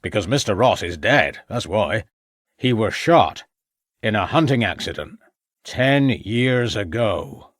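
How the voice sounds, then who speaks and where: A man's voice: lowish voice, lively intonation, takes it slowly, slightly rough, no echo, studio quality, full character voice. A man voicing a terse elderly farmer, in an audiobook. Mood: curt. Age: older. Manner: terse, blunt, dropped words. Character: gruff elderly male rural farmer.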